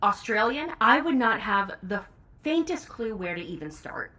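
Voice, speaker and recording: A woman's voice: a little high, big pitch swings, normal speed, bright, forceful tone. A woman audiobook narrator, a guest in a casual interview, talking candidly and laughing easily.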